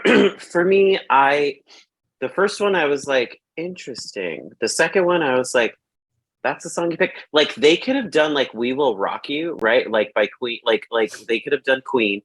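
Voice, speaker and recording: A man's voice: mid-range voice, moderate pace, fairly bright tone, no echo. A man hosting a casual film review chat, rambling with lots of fillers and acting out his own reactions. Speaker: podcast host.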